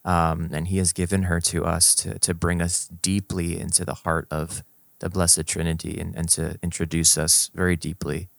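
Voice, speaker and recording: A man with a low, deep voice speaks slowly and thoughtfully in a casual faith conversation. The sound is close and dry, with no room echo. He pauses and restarts as he searches for the right words. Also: little pitch movement, creaky. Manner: reflective, unhurried, searching for words.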